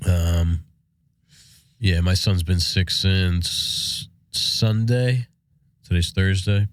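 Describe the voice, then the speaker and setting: A man's voice: low voice, steady tone, extremely slow, long pauses, dry recording, studio quality. A man in his thirties with a stuffy, nasal voice from a cold, chatting easily as a podcast co-host. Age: 30s. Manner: easygoing, rambling with fillers. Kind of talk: casual chat and read sponsor ads.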